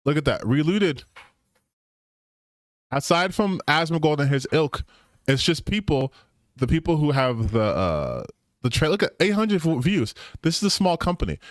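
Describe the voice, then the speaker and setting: Young man, streamer commentary, mocking and profane, fairly high voice, lively pitch. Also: normal speed, no echo, clean studio sound.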